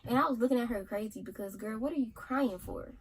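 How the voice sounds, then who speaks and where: A teenage girl, casually telling a story in an animated way for a vlog. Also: fairly high pitch, fast, slightly rough, poor audio. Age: teens. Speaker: vlogger.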